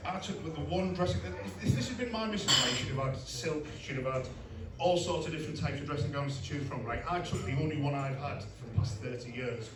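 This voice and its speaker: A middle-aged man doing a stand-up comedy set, blunt and self-mocking, with asides to the crowd. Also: a little high. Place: comedy club stage with live audience. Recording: roomy club sound from a distance, crowd laughter.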